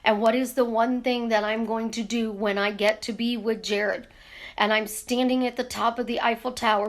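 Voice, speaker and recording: A woman coaching her viewers in a casual live stream, talking with her hands and firing off rhetorical questions. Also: on the high side. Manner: animated, talks with her hands, asks rapid rhetorical questions. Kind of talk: casual teaching monologue. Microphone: camera in front of her.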